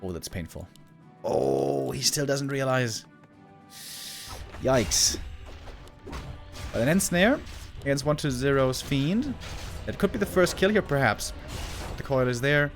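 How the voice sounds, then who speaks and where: A man calling an esports match live in a relaxed, chatty way. He gasps and exclaims at the big moments, then wanders off into easygoing side talk with the viewers. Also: medium pitch, takes it slowly, vocal fry, pauses often, soft background music. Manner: chatty, exclaiming at plays, drifts into asides to chat. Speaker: esports caster. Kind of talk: live game commentary.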